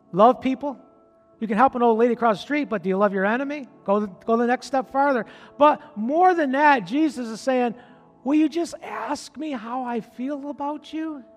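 A man preaching as pastor of his church, from upstate New York, building from quiet talk to loud, pleading calls to the congregation. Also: sits high, big-room sound. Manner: repetitive rallying calls to the congregation. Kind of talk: preaching a sermon. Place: church sanctuary.

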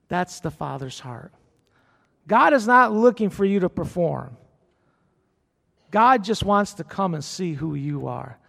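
A man's voice: high voice, vocal fry, fairly bright tone. A man preaching a sermon in a church, emphatic and repeating his key phrases. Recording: long hall reverb.

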